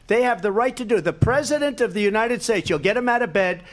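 A man's voice: high voice, animated, quick pace. Emphatic man at a debate podium. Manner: emphatic, repetitive, rambling. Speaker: presidential debate candidate. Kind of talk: debate answers.

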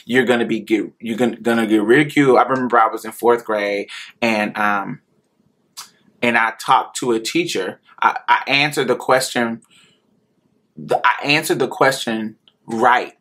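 An adult man from Indiana with a rural Indiana accent, slowly and candidly telling a personal story, often laughing and repeating himself. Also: mid-range voice, fairly even intonation, a bit bright.

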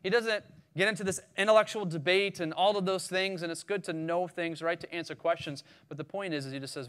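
A man delivering a relaxed, conversational sermon in a somewhat high voice. He moves between reading scripture aloud and talking it through, often checking in with the congregation with quick questions. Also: clear, resonant tone. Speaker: pastor.

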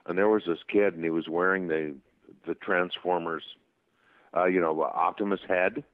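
A man, a voice actor, telling anecdotes in a casual interview, animated and laughing often as he acts out voices. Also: low-pitched, moderate pace. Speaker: voice actor guest. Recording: dull lo-fi podcast audio.

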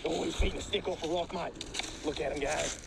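A man's voice: fairly high pitch, steady tone, fairly quick, creaky. A man putting on a joking Australian accent as a wildlife show presenter. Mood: hammy. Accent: put-on Australian. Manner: hammy nature-show commentary. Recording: loud outdoor noise.

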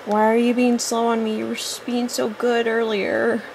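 A woman's voice: a little high, flat delivery, normal speed, vocal fry, a little mellow, a little hiss or hum. A woman giving casual, rambling gameplay commentary, chatty, often apologizing and getting impatient with the game. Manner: apologetic asides. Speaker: let's-play host.

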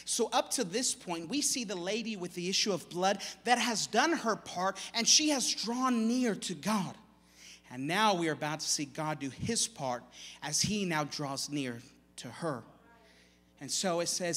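Brief: a man preaching with a very high, bright voice and dramatic swings, in a long echoing church reverb. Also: animated, a little slow. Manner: dramatic, swings between hushed and loud. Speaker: pastor. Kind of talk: sermon. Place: church sanctuary.

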